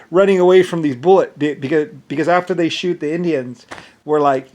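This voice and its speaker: A man's voice: fairly high pitch, fast talker, darkish tone, a little hiss or hum. A man talking in a rambling, repetitive monologue, breaking into short laughs. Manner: rambling and repetitive, stacking restarts.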